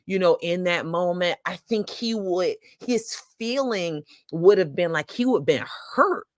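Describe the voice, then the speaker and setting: A woman's voice: on the low side, a little slow, dry recording. This is a woman hosting a casual podcast chat, her voice rising and falling with a lot of movement. She tells family stories with laughter and acts out the people in them. The sound is close and dry. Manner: animated, laughs often, acts out quotes. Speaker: podcast host.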